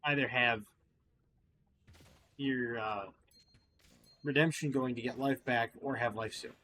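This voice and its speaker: A man talks through his gameplay in a loose, rambling way, often stopping on fillers and starting over. He sounds tired and is yawning. His voice is bright, with a faint hum behind it. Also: medium pitch, fairly even intonation, slow. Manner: rambling, chatty, with frequent fillers and restarts. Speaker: gaming channel host. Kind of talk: casual gameplay commentary.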